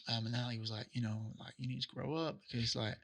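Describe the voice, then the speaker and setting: A middle-aged man, a soccer trainer and interview guest, telling animated stories and acting out what people said. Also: medium pitch, quick pace, vocal fry. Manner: animated anecdotes, acts out quotes. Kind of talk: casual interview storytelling.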